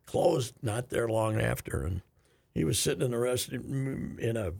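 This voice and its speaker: A man's voice: mid-range voice, lively intonation, measured pace, darkish tone. A man co-hosting a casual talk show, telling rambling stories with many halts and fillers. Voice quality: gravelly and husky. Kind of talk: casual chat.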